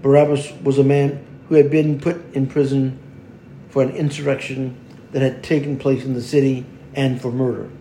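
A man reads a liturgical scripture passage aloud, stumbling now and then and restarting words. His voice is mellow and mid-pitched. The recording has a roomy echo and faint background noise. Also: little pitch movement. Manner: halting reading with restarts. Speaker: worship leader. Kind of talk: liturgical reading and prayer. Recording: echoey room with faint noise.

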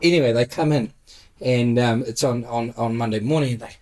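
A man's voice: mid-range voice, a little fast, darkish tone. A man with a New Zealand accent hosting a podcast, telling crude stories with lots of swearing and laughter. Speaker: podcast host. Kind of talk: casual chat.

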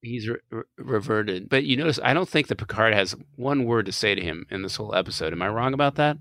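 Podcast co-host, man, low gravelly voice, rambling chat, dry close mic. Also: expressive, fast talker, a bit bright, dry recording. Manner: rambling, stammering restarts, laughs a lot. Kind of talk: casual chat.

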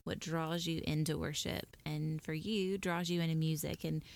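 A woman's voice: deep voice, steady tone, normal speed, vocal fry. A woman hosting a faith podcast, interviewing her husband and agreeing often as he talks. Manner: affirming, frequent agreeing murmurs. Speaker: podcast host. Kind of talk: casual conversational interview.

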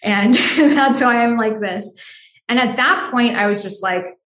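A woman's voice: fairly high pitch, a little slow. Frank young woman in an echoey room. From United States. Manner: frank, animated, frequent "like" fillers. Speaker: podcast guest. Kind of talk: candid personal storytelling. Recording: roomy echo.

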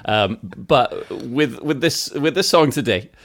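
A man's voice: mid-range voice, expressive, takes it slowly, a bit bright, slight background noise. A man co-hosting a podcast in casual chat, introducing his own song with a hesitant manner. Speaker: podcast co-host and songwriter.

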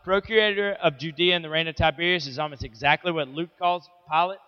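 A man's voice: on the high side, fast talker, smooth. A man teaching a Bible lesson to teenagers in a casual, joking, conversational way. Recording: echoey hall, dull lo-fi sound.

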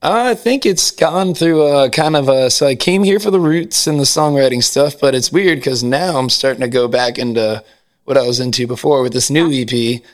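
A man from New Jersey, a singer-songwriter guest, answering in a relaxed, hesitant way with many fillers. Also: mid-range voice, normal speed. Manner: easygoing, hesitant, lots of fillers. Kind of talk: casual interview chat.

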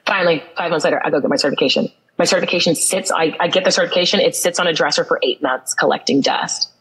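A woman speaks a little lower than most, with a husky, breathy edge to her voice. She tells a personal story in an interview, earnest, and leans into emphatic repetition. It sounds like a conversational podcast. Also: quick pace, poor audio. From United States. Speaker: guest.

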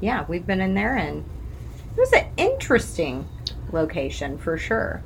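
A woman's voice: fairly low pitch, wildly swooping pitch, normal speed, creaky, slight background noise, low-quality recording. A woman from Illinois co-hosting a podcast, chatty and teasing in casual conversation. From Alton, Illinois. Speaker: podcast co-host. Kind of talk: casual chat.

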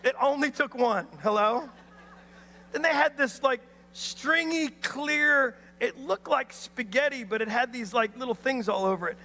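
A man preaching a sermon, an animated storyteller who acts out voices and calls out to the crowd. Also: very high-pitched, measured pace, in a large hall. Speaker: pastor.

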